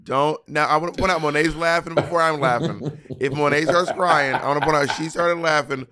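A man's voice: on the high side, brisk, a loud crowd. A man co-hosting a podcast in casual chat, telling stories with lots of acted-out quotes and crude, teasing banter. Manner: animated storytelling, acts out quotes, crude banter. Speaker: podcast co-host.

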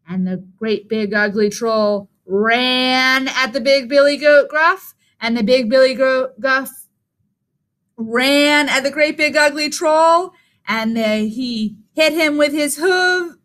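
A woman reading a children's story aloud. She speaks slowly in a high, bright voice. She tells it expressively and invites her listeners to join in the sounds.

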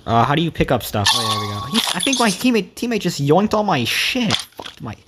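A young man giving excitable, profanity-filled commentary while playing a mobile game. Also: a little high, a little fast. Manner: excitable, cursing, complaining. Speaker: gamer. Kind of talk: casual gameplay commentary. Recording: loud background noise.

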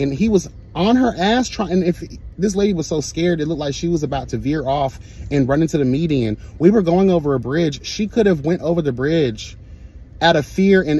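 A man telling a story in a sassy, profane, animated storytime rant. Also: fairly high pitch, husky. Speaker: vlogger.

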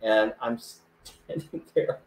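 An older man telling a lively anecdote in a casual chat, acting out other people's voices as he goes. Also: mid-range voice, slow pace, roomy sound. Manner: animated, acts out voices in anecdotes. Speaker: guest.

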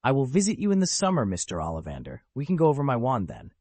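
A man narrating an audiobook, voicing a poised and polite teenage boy wizard in a calm, assured manner. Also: medium pitch, fast, dry recording, pitched above the performer's own voice. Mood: composed.

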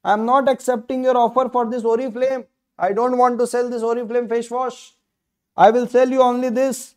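An Indian English man delivering a law lesson with a very high-pitched voice. He hammers points home by repeating phrases and throwing rhetorical questions at his students. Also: level tone, moderate pace, darkish tone, smooth. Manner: repetitive, emphatic, rhetorical questions. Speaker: law tutor. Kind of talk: online lecture.

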